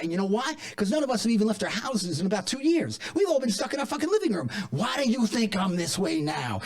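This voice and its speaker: Guy doing a chain-smoking conspiracy crank, high voice that swoops around, rambles, swears he's not crazy. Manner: rambling, digressive, self-contradicting; defensive, insists he is not crazy. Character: paranoid rambling flat-earther man, chain smoker. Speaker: comedy character host. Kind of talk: comedic monologue to camera.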